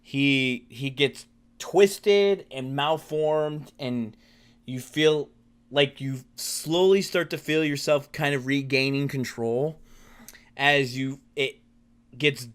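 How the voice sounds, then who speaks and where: A man's voice: medium pitch, slow pace, clear, resonant tone. A man narrating as game master of a tabletop role-playing game, rambling with many restarts and fillers.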